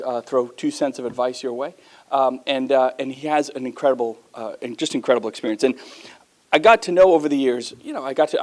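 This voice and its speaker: A man giving a lively, joking introduction to a breakfast audience, with big jumps in pitch. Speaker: guest speaker introducing a governor. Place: event room with audience.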